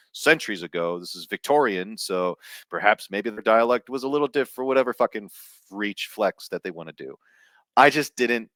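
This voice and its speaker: A man's voice: on the low side, fairly bright tone, no room sound. A man giving a rambling, frank, casual film review, with laughs and fillers along the way. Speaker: vlogger reviewing films. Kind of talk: casual rant to camera.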